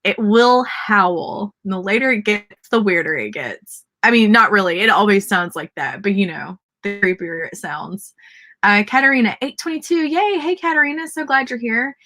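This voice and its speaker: Bright-voiced Southern woman host. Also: mid-range voice, expressive, normal speed. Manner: chatty, cheers readers' comments. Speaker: livestream host. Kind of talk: casual livestream chat.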